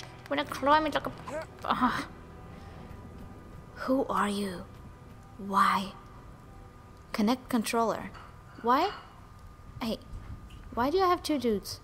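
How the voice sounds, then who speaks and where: A young woman hosting a gaming channel, giving casual let's-play commentary in an excitable, giggly way that jumps to squeals over little things. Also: high voice, slow, long pauses, slight background noise. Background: game music.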